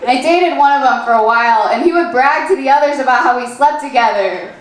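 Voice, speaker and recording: A woman in her twenties performing a stand-up set, her voice a touch high. She talks in a halting deadpan, full of fillers and restarts, and the sound rings out in a very echoey club room. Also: noisy background. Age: 20s. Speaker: stand-up comedian. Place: comedy club stage.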